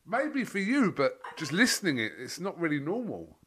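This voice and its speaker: A man hosting a podcast interview, relaxed and asking probing questions. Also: fairly high pitch, moderate pace, breathy edge. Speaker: podcast host. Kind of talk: casual interview.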